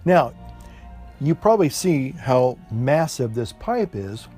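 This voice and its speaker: A man's voice: mid-range voice, big pitch swings, slow pace, dark tone. A man in easy, folksy chat, rambling along with plenty of ums and restarts and tossing in the odd "y'all". He is outdoors on an evening breeze, talking to a camera mic, with faint classical music behind him. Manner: rambling, many fillers and restarts. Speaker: pipe-smoking vlogger. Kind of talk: relaxed casual chat to camera. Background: classical music playing faintly.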